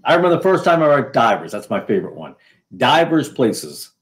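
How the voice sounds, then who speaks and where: A man's voice: medium pitch, sing-song, rapid-fire. A man from New England hosting a casual solo video, talking in a sarcastic, rambling way with many fillers and restarts. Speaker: video host.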